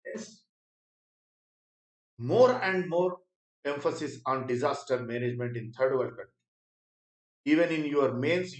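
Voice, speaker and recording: A man teaching an exam prep lecture in Indian English, repeating key phrases and often clearing his throat. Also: a little high, roomy sound, far from the mic, rough recording. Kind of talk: spoken lecture.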